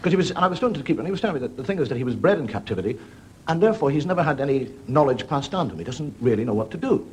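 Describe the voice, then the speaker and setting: Hosting a TV comedy show before a studio audience, a middle-aged comedian delivers a stand-up storytelling monologue of dry, wandering anecdotes, putting on voices for his characters. His mid-range voice is animated and rapid-fire, with noise in the background.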